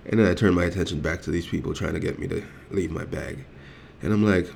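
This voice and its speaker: Very deep, gravelly-voiced man with a swaggering, foul-mouthed storyteller delivery. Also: brisk, hardly any pauses, a little mellow, slight background noise. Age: adult. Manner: heated, profane, swaggering, acting out dialogue. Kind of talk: profane storytelling rant.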